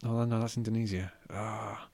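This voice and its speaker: A man's voice: on the low side, little pitch movement, normal speed, creaky, a little mellow, dry recording. A man, co-hosting a casual podcast about films, chatty and amused, often restarting his sentences. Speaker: podcast co-host. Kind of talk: casual film chat.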